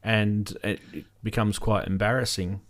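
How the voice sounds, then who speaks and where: A man's voice: lowish voice, fairly even intonation, moderate pace. A man with a light Australian accent, hosting a casual live-stream chat and rambling with many ums. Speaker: host.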